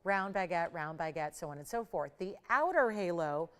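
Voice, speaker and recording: A woman's voice: lowish voice, expressive, moderate pace, fairly bright tone, smooth. A middle-aged woman hosting a live TV jewelry sale, chatting enthusiastically and building up prices playfully. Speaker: shopping channel host.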